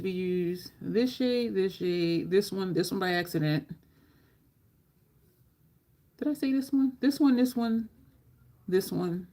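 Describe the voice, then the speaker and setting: A woman makeup vlogger chatting casually through a tutorial, animated, swearing and laughing as she acts out the people in her story. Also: medium pitch, creaky.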